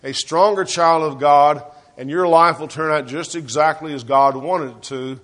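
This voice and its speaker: A man preaching an earnest sermon, often clearing his throat and letting his voice sink soft and low at the ends of phrases. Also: moderate pace.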